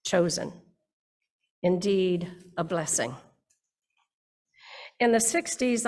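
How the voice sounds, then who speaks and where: An older woman minister giving a reflective sermon in a slow, measured way, with dramatic readings. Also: mid-range voice, creaky. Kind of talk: reflective sermon with read poetry.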